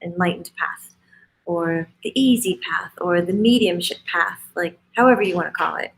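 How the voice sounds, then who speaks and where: Woman host chatting, kinda low voice, super gushy and warm-hearted. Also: normal speed, creaky, slight background noise, poor audio. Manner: gushing, effusive. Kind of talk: casual interview chat.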